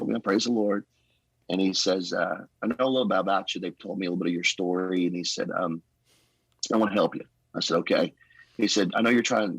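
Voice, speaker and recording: A man, a pastor, telling personal stories in a casual, animated podcast conversation and acting out what others said. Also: deep voice, breathy edge, dry recording, poor audio. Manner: animated storyteller, acts out quotes. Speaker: guest.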